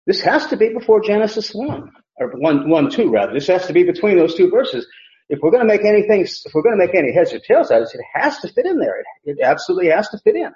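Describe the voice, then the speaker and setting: A man's voice: fairly high pitch, mellow. A man teaching a verse-by-verse Bible lesson, emphatic, repeating key phrases and often restarting sentences. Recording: echoey room, dull lo-fi sound.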